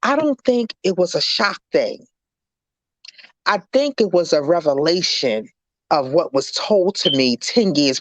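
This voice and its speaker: A woman, a guest on an interview show, recounting a personal ordeal in earnest, halting, faith-filled words. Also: low-pitched, no echo. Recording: dry, dull lo-fi recording.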